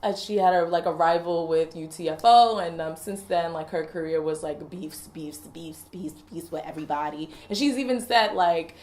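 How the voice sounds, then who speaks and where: A woman co-hosting a podcast in casual chat, talking in an animated way with lots of fillers and laughter. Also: fairly low pitch, moderate pace, few pauses. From West Indies. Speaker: podcast co-host. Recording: echoey room.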